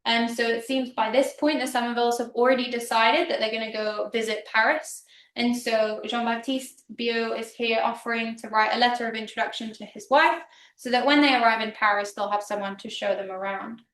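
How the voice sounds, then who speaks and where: A woman's voice: on the high side, steady tone, a little fast, a bit bright, recorded from a distance. A woman lecturer giving a public history talk in a casual, chatty manner with frequent ums. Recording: roomy hall, speaker off-mic.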